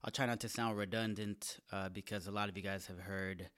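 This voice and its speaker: Bright-voiced, hyped-up joking comedian. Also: male voice, lowish voice, brisk. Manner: energetic, profane, self-mocking joking. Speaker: stand-up comedian and podcast host. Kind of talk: solo podcast intro monologue. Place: small studio apartment, indoors.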